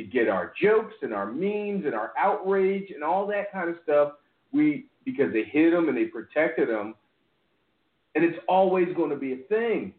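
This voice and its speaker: Man ranting casually over an echoey, phone-like line. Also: a little high. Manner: rambling, profane, restarts often. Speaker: podcast co-host. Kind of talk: casual chat.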